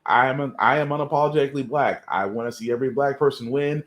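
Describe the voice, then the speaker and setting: A man hosts a live podcast, offering casual commentary in an earnest, emphatic manner and repeating his points. His voice is medium in pitch, a bit bright, and he talks fast.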